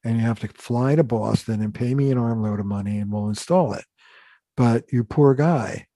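A man's voice: fairly low pitch, steady tone, fairly quick, mellow, no room sound. An older man, a family therapist, telling stories earnestly and with emphasis in a podcast interview, acting out the dialogue he quotes.

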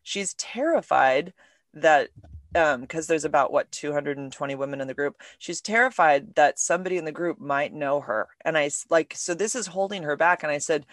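A woman hosting a podcast, telling stories in an animated, emotional way. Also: sits low, moderate pace, dry recording. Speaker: podcast host. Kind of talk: casual podcast conversation.

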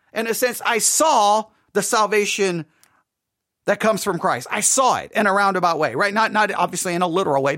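In a clean studio recording with no room sound, a man with a high, somewhat bright voice delivers an earnest late-night devotional as a pastor. He keeps repeating himself and correcting his own words.

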